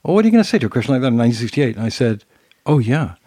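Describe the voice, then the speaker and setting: An older man with a British accent, co-hosting a casual talk show and spinning animated anecdotes. His voice is husky. The sound is dry and close. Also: mid-range voice, racing, no echo. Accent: British English. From Britain. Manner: animated storyteller who acts out quotes. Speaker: podcast co-host. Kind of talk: casual conversation, telling anecdotes.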